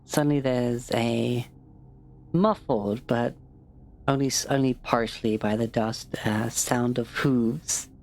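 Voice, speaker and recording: Very low-voiced hesitant woman game master. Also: steady tone, slow pace, a little mellow. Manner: hesitant, full of fillers, swears when frustrated. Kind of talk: narrating a tabletop game.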